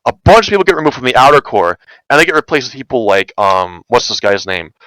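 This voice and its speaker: A man recounts a long story in a loose, rambling way, leaning on "like" and "um" as he goes. He sounds exasperated. His voice is smooth and clear, recorded close and dry with no room sound. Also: medium pitch, expressive, fast talker, a bit bright, no room sound, rough recording. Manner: rambling, heavy use of "like" and "um" fillers, exasperated. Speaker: vlogger recounting online community drama.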